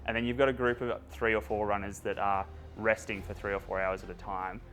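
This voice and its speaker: A man's voice: fairly low pitch, flat delivery, a little fast, fairly bright tone, faint music behind. A man explaining a running strategy step by step in a casual interview. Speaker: runner and narrator.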